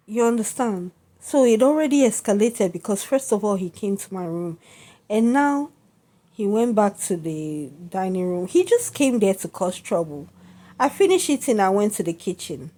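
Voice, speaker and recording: A woman's voice: medium pitch, sing-song, unhurried, warm tone. Indignant woman venting to camera. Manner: indignant, keeps asking "you understand?". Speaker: vlogger.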